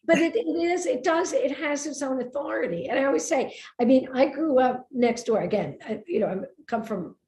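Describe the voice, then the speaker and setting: Animated New York woman, high voice. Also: normal speed, hardly any pauses. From Brooklyn, New York. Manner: animated, emphatic storyteller. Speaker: author and writing teacher. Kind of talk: lively conversation at a book event. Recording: roomy echo.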